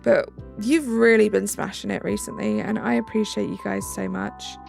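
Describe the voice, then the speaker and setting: Medium-pitched and creaky, with fairly even intonation and a moderate pace, a woman from Britain chats casually on her live stream. She reads viewers' messages aloud, responds, and thanks them over faint background music.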